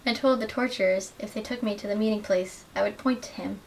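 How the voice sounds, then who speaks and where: A young adult woman giving an earnest, measured dramatic reading of literary excerpts as a student reader. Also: mid-range voice, steady tone, gravelly. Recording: distant mic with faint hiss.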